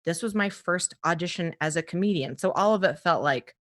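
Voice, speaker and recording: This is a woman comic from the American East Coast, voice on the low side and fairly quick, recounting a story in a casual podcast interview. Full of energy, she laughs frequently and does voices for the people in her tale.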